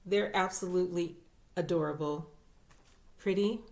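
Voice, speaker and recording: Slow, chatty woman crochet vlogger. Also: lowish voice, creaky, darkish tone. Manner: chatty and gushing, with fillers and repeats. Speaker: crochet YouTuber. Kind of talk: casual show-and-tell vlog.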